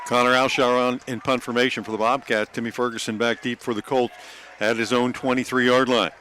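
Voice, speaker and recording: A man giving play-by-play for a high school football game, calling each snap quickly and joking like an auctioneer. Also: level tone, bright, forceful tone, slight background noise. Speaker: play-by-play announcer.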